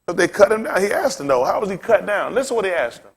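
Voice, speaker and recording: Pastor guy teaching bible class, kinda high voice, keeps quizzing the room with questions. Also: very animated, quick pace, slightly rough. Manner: quizzes listeners with rhetorical questions, casual phrasing. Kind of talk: informal sermon-style teaching.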